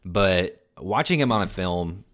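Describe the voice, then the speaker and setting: A man co-hosting a casual podcast chat, excitable and gushing, often repeating himself as he gets carried away. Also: sits low, a little slow. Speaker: podcast co-host.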